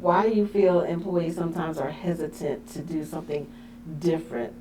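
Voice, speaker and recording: A woman host with a lower voice tells stories in a relaxed, chatty way. She animates her anecdotes and slips into the voices of the people she quotes. Faint noise hums under the recording. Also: moderate pace. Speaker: podcast host. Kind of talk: casual chat.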